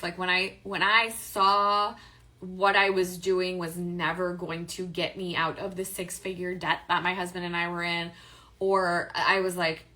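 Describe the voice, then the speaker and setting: A woman's voice: on the low side, bright, forceful tone. A woman hosting a live stream, reading viewer questions and answering them in a chatty, upbeat way with many fillers and self-corrections. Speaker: host of a live stream on affiliate marketing.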